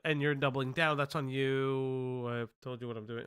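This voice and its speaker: A man's voice: mid-range voice, steady tone, normal speed, a bit bright, clear, resonant tone. A man commenting on a live stream, swearing and reacting with sarcastic exasperation.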